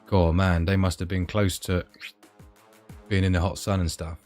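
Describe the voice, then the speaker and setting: A man's voice: low voice, level tone, moderate pace, darkish tone, soft background music. A man hosting a live stream, chatting casually and rambling, often losing his thread mid-sentence. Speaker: livestream host.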